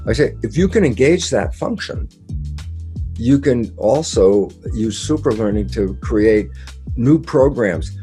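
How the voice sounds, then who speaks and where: A man explaining ideas in an interview, animated and casual, acting out quoted dialogue with sudden jumps in pitch and the odd mild swear word.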